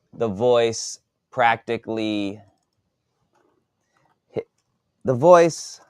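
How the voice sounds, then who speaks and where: A man, an author, dictating his novel draft aloud in a halting way, repeating words as he composes. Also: lowish voice, a little mellow, clean tone, no echo.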